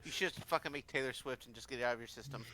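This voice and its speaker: A man's voice: mid-range voice, rapid-fire, pushed and bright, a little hiss or hum. A man playing a tabletop game with friends, chatting casually, teasing and laughing often. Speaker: player. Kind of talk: casual chat among friends.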